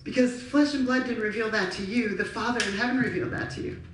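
A woman voicing a calm, patient man who speaks with authority, quoting in a slow, measured way. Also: fairly high pitch, background noise, close to an everyday voice. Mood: firm. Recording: echoey hall from far off.

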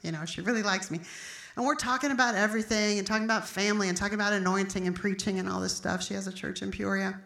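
A woman's voice: mid-range voice, fairly even intonation, fast talker, vocal fry, a bit bright, echoey room. A middle-aged woman pastor preaching an emphatic, storytelling sermon.

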